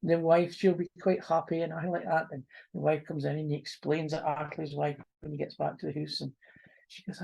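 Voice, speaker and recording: A woman with a North-east Scots accent telling a folk tale in a lively, homely way, mixing in broad Scots words. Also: deep voice, brisk, vocal fry, breathy edge. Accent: North-east Scots (Doric). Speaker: storyteller. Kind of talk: oral folk storytelling.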